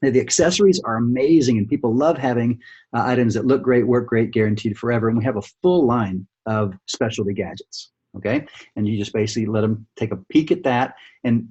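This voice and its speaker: A man's voice: medium pitch, fairly quick, darkish tone, husky, muffled recording. A man running a sales training over a shared screen, coaching in a casual way that keeps checking in with "right?" and "okay?". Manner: coaching, repeats "right?" and "okay?", thinks aloud with fillers.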